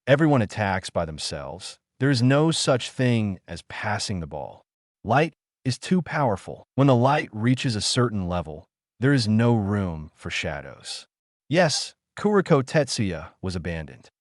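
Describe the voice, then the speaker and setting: A male audiobook narrator reads a web novel in a low voice whose pitch rises and falls a lot. The sound is dry and close, with no room around it. He keeps one voice for narration and dialogue and pauses unevenly. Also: big pitch swings, dry recording. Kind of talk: flat read-aloud novel narration.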